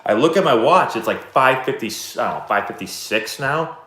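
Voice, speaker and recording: A man in his thirties hosting a live stream, answering chat questions in a relaxed, rambling, self-deprecating way. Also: medium pitch, fairly quick. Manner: laid-back, rambling, self-deprecating storyteller. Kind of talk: casual chat. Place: indoor room, live stream. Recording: roomy echo.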